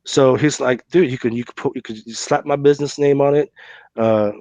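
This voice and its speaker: Male podcast host, medium pitch, loose conversational storyteller, dry close sound. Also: fairly even intonation, moderate pace, darkish tone, dry recording. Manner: chatty, with many fillers and "right?" tags.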